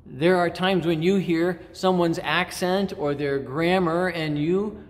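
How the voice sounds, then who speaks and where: A middle-aged man preaching a sermon as pastor, measured and reflective, pausing often and restarting phrases. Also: fairly high pitch, fairly even intonation. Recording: long church reverb.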